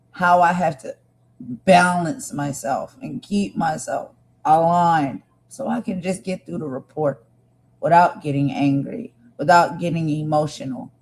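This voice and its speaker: A woman's voice: low-pitched, unhurried, darkish tone, a little hiss or hum, poor audio. Impassioned woman hosting a live stream. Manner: emphatic, repetitive, talks straight to viewers.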